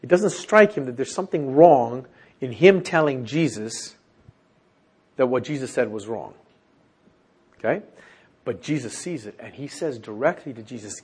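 A man leading a Bible study group, teaching and asking questions, animated as he acts out quoted lines. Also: medium pitch, normal speed, long pauses, breathy edge.

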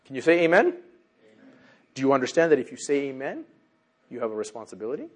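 A man preaching a sermon as pastor, swinging from loud emphatic bursts to hushed, low passages. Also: very animated, quick pace.

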